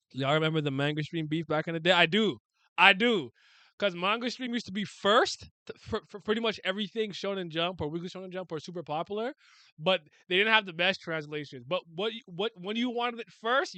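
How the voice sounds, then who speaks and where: Excitable young man reacting to manga. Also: a little high, no room sound. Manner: excitable, animated, laughs a lot, slangy. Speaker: manga reader and scanlator. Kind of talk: casual manga read-along reaction.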